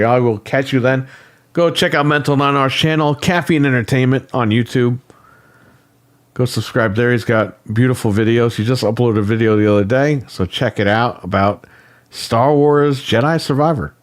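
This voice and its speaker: A man's voice: mid-range voice, moderate pace. Blunt, swearing male podcast co-host. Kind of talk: casual livestream chat. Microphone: studio microphone.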